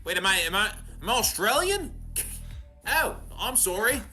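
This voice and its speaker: A woman co-hosting a game stream in casual chat, playful and quick to laugh and joke. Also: mid-range voice, sing-song, bright, forceful tone, faint music behind. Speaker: co-host playing along.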